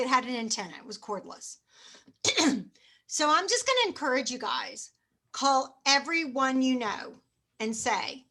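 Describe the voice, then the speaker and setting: A middle-aged woman giving a chatty, self-mocking motivational sales training talk, acting out phone pitches. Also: pushed and bright.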